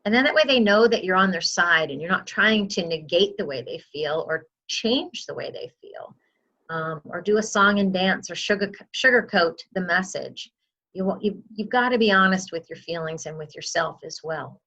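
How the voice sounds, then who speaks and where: A woman's voice: fairly low pitch, expressive, moderate pace, sharp tone, muffled recording. A woman who works as a memory outreach specialist, giving earnest advice in an interview and acting out what a caregiver might say.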